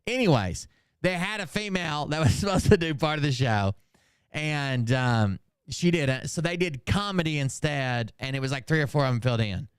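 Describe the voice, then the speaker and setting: A man's voice: on the high side, animated, normal speed, clean tone, no echo, studio quality. A man hosting a commentary channel, talking casually and rambling, often losing track of names and swearing in asides. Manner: rambling and forgetful, loses names, profane asides.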